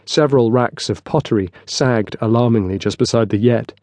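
A man narrating a historical novel in a steady, scripted storytelling style, close on a studio mic. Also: medium pitch, normal speed, no room sound. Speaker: audiobook narrator.

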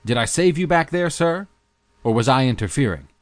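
A man's voice: mid-range voice, lively intonation, normal speed, no room sound, voice pushed up, lightly acted. A male audiobook narrator voicing a cheerful, polite male coach driver in a lifted, deferential tone.

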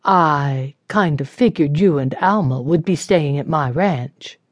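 Young rancher, earnest and a little flustered, low-ish and unhurried , read by a woman narrator. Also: no room sound, muffled recording.

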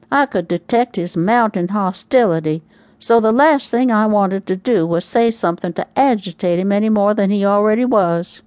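A woman tells a first-person story in an expressive, wry manner. Her voice sits in a middle pitch. It is recorded dry and close on a studio mic. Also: moderate pace, no echo. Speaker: audiobook narrator. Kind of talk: first-person audiobook narration.

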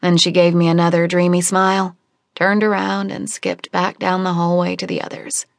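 A woman reading a first-person novel as audiobook narrator, in a measured, steady storytelling manner at a close studio microphone. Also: on the low side, vocal fry, no room sound.

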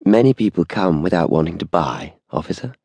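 A man's voice: low voice, animated, a little fast, creaky, warm tone, breathy edge, no echo, full character voice. A man voicing a courteous, deferential old shop assistant who speaks formally and politely. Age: older.

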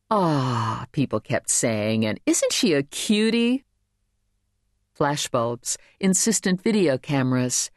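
A woman's voice: no echo, clean studio sound. A woman reading a contemporary novel aloud as an audiobook narrator, lifting her voice for the characters. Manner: lively, voices characters with raised pitch. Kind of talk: scripted narration.

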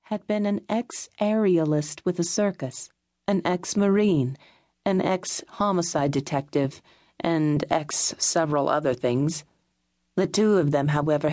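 A woman reading a mystery novel aloud in steady, scripted audiobook narration. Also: low voice, dry recording, studio quality.

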